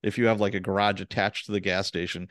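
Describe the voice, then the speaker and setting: A man's voice: low-pitched, level tone, quick pace, fairly bright tone, dry recording. A man hosting a podcast, telling rambling anecdotes in a casual way before asking his guest questions. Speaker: podcast host.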